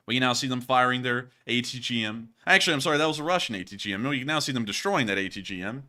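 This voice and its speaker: A man's voice: medium pitch, lively intonation, rapid-fire, few pauses, sharp tone. A man casually commenting over war footage as host, joking and rambling and laughing at his own slips. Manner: jokey, rambling, laughs at himself.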